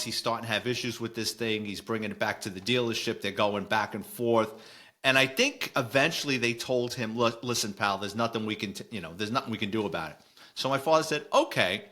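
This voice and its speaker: A man's voice: medium pitch, sharp tone. A middle-aged man with a New York accent hosting a podcast as a retired cop, reading news and telling blunt, chatty stories. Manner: blunt, storytelling, chuckles while reading. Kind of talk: casual chat reading and commenting on news.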